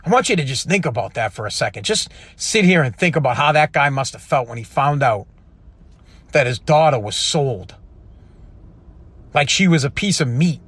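A man's voice: mid-range voice, lively intonation, moderate pace, fairly bright tone, husky, no room sound. A man in his thirties from the United States, delivering a heated, profane, emphatic monologue with frequent restarts. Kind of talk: impassioned monologue.

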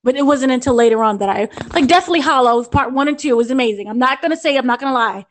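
A woman's voice: sits high, fast talker. A young American woman reviewing a film on a podcast, gushing and rambling with restarts and fillers. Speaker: entertainment editor reviewing a film.

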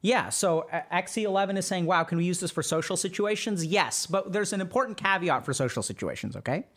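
A man's voice: high voice, lively intonation, a little fast, a bit bright. A man hosting a podcast, giving casual advice to a live chat, acting out imagined inner voices and often asking "right?". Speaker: podcast host, psychiatrist.

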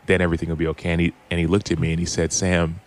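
A man's voice: sits low, monotone, rapid-fire. A man in his thirties, a podcast guest and former football player, earnestly telling a personal story with many restarts. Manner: earnest, open, retelling quotes with frequent restarts. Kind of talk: reflective storytelling.

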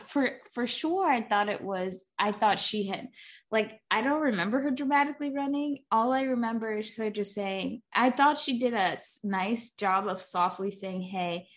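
A woman co-hosting a casual film discussion, thoughtful and quick to laugh. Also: fairly high pitch, a bit bright. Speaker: podcast co-host.

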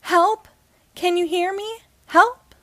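A tiny storybook boy ant with big rock-star dreams, as a woman reads him. He pleads eagerly in a high, bright voice, slow and dry. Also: expressive, dry recording, exaggerated voice. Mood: panicked. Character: small young male ant dreaming of rock stardom.

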